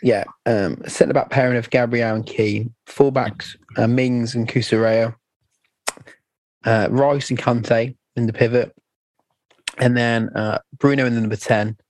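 A man's voice: medium pitch, fairly even intonation, measured pace, darkish tone, no echo. A man co-hosting a podcast, chatting casually about football and reading listener questions, hesitant with fillers. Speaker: podcast co-host.

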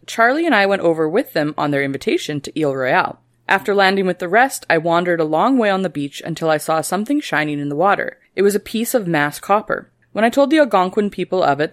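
Podcast co-host, woman, lower voice that swings a lot, dry close sound, tells history casually. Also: quick pace, no echo. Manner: reads old quotes aloud in a lively, joking way.

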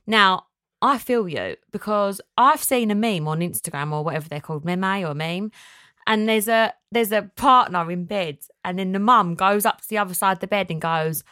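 A woman's voice: mid-range voice, normal speed, no room sound, clean studio sound. A woman hosting a casual podcast, chatting animatedly and reading out listener messages. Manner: chatty, animated, laughs often. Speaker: podcast host.

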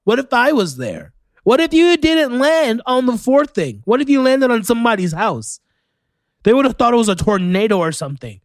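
A man from Orlando hosting a solo podcast, ranting excitably and swearing often in casual commentary. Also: extremely high pitch, normal speed, no echo. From Orlando, Florida, USA. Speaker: podcast host.

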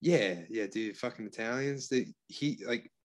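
A man's voice: medium pitch, a little slow. Profane, easygoing man telling stories. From Florida, USA. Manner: profane, storytelling, says dude a lot. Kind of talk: casual crude banter.

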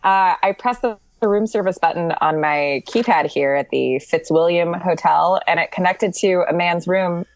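A woman co-hosting a comedy podcast from a hotel room over a video call, halting and self-deprecating. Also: fairly low pitch. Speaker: co-host. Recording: dull lo-fi video call audio.

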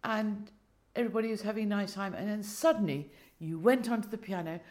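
A woman's voice: mid-range voice, fairly quick, a little mellow. A woman interviewing a guest, chatting casually and reminiscing. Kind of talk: casual chat.

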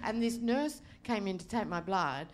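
Lively woman in her fifties. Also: mid-range voice, normal speed, a little hiss or hum. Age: 50s. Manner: laughing, crude, animated storytelling. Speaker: comedian. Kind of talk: live podcast storytelling. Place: bar with a live audience.

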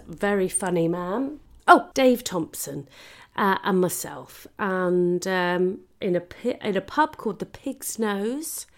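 A woman's voice: lowish voice, gravelly. A woman from Britain, a comedian and podcast host, telling a comic story in a monologue, swearing freely and dropping into whispered asides.

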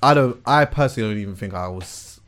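A young man hosting a podcast, talking in a relaxed, reflective way with plenty of slang. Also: fairly low pitch, fast talker, slight background noise. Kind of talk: casual chat.

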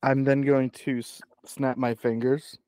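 A man's voice: mid-range voice, little pitch movement, measured pace, darkish tone, no room sound. A man playing a tabletop game, talking earnestly and slipping between his character and plain table talk. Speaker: player.

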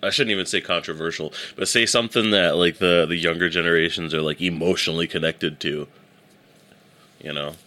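A laid-back man with a very low voice and a bright, forceful edge to his tone. He keeps a casual podcast chat going, laughs often and cheers his co-host on. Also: steady tone, brisk.

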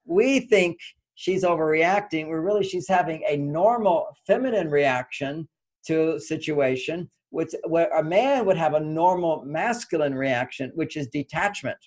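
An older man, an author guest on an interview, telling stories in an animated way and acting out quoted dialogue. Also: fairly high pitch, normal speed. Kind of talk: conversational storytelling interview.

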